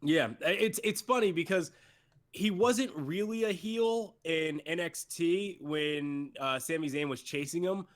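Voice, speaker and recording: A man's voice: on the high side, unhurried. A man recapping a wrestling show in casual chat, swearing and mimicking wrestlers for laughs.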